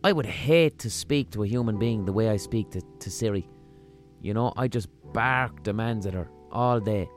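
A man with a Limerick Irish accent talks in a rambling, profane, deadpan-humorous monologue as a podcast host. His voice sits at an ordinary middle pitch for a man. Faint guitar music plays softly behind him. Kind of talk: casual comic monologue.

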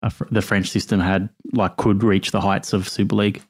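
A man's voice: on the low side, little pitch movement, fairly quick. A man co-hosting a call-in podcast, chatting casually with lots of "you know" fillers. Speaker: podcast co-host.

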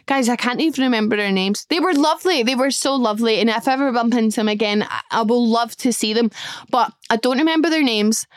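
A young woman host talks straight into a close, dry mic. Her voice sits a little high and comes across smooth and clear. She gushes through a casual story and swears freely. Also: fast, dry recording. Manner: chatty, gushing, swears casually. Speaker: podcast host.

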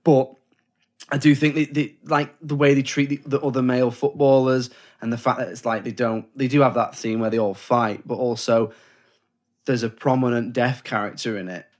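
A man's voice: mid-range voice, steady tone, moderate pace. Guy on a film podcast, rambly, restarts a lot, does little voices for quotes. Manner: rambling, self-correcting, acts out quoted lines. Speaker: podcast co-host. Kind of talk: casual film discussion.

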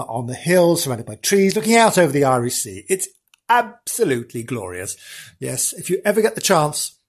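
Man, podcast host, theatrical gushing storyteller, swooping animated pitch, a little husky. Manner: theatrical and gushing, with big exclamations and self-aware jokes. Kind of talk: chatty comic storytelling.

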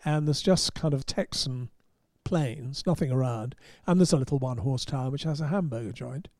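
Wry English storyteller with a mellow voice. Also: male voice, mid-range voice, moderate pace, no room sound, clean studio sound. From England. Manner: wry, rambling storyteller with restarts. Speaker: motorsport journalist. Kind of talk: casual anecdote on a podcast.

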